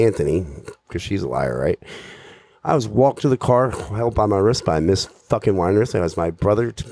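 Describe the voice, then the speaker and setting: A man's voice: sits low, darkish tone, dry recording. A man doing profane stand-up storytelling, rambling and self-mocking, swearing constantly. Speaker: stand-up comedian.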